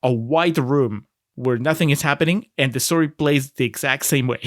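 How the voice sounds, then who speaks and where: A man's voice: mid-range voice, moderate pace, dry recording, clean studio sound. A man co-hosting a casual film podcast, rambling and laughing as he talks it through, with frequent restarts. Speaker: podcast co-host.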